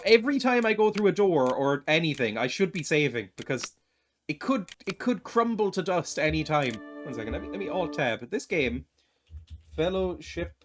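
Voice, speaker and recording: A young man giving rambling, self-deprecating gameplay commentary, stumbling and repeating words as he plays at home. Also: on the high side. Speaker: streamer. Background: game music.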